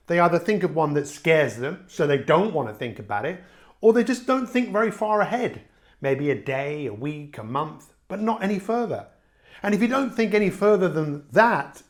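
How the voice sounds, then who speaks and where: A middle-aged man giving a motivational talk as a life coach, speaking emphatically with big swings in pitch and loudness.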